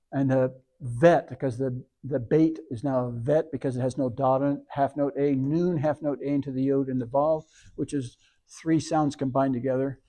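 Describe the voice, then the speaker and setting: A man's voice: mid-range voice, warm tone. A man leading a service, reading scripture and patiently walking through Hebrew words letter by letter. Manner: patient, spells out words sound by sound. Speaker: service leader and teacher.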